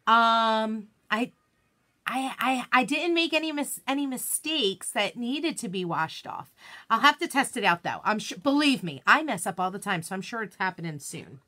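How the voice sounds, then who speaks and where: A woman hosting a relaxed live craft demonstration in a slightly high, bright, forceful voice. She is chatty and self-deprecating, greets viewers by name as she works, and laughs easily at her own mistakes. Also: normal speed. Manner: laughs easily and jokes about her slip-ups. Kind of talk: casual live-stream craft tutorial.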